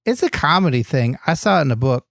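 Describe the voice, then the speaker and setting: A man's voice: medium pitch, very animated, fast, creaky, fairly bright tone, dry recording, studio quality, voice pushed down. A man voicing a dim, earnest male wrestler sidekick on a comedy podcast, cheerful and naive. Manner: cheerful, naive, doing sponsor reads. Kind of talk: improvised comedy podcast banter.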